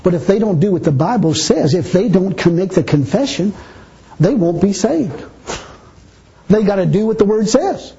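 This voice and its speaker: High-voiced emphatic male preacher. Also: lively intonation, normal speed, creaky, mellow. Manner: emphatic, blunt, mocking asides. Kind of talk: sermon. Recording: dull lo-fi recording.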